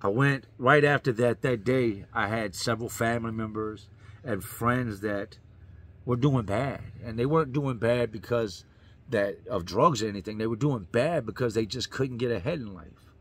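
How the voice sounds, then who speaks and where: A man's voice: medium pitch, moderate pace. A man, a YouTuber, telling his own story in an earnest, emphatic way, repeating lines for effect. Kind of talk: personal storytelling to camera.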